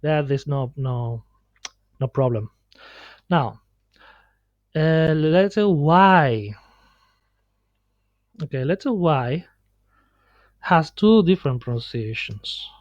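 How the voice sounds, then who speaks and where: A Spanish teacher records a pronunciation lesson as a screencast, his fairly high voice lively in intonation yet slow and halting, full of fillers and restarts. The computer mic gives dull, lo-fi sound with no echo.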